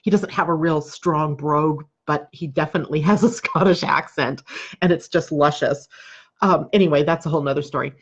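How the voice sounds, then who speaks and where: A woman's voice: sits low, brisk, husky, highs cut off. A woman from the United States hosting a live daily astrology broadcast, chatty and conversational, often asking rhetorical questions. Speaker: astrologer and show host.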